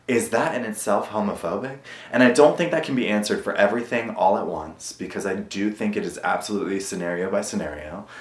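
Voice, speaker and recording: A man's voice: deep voice, roomy sound. A man vlogging a candid confessional monologue to camera, earnest and self-critical, swearing often. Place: at home.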